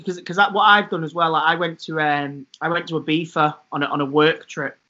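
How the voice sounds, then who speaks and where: A man's voice: on the high side, steady tone, a little fast, pushed and bright. A man co-hosting a podcast, telling stories in a jokey casual way. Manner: jokey, laughs often. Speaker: podcast co-host. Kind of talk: casual chat. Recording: dull lo-fi sound.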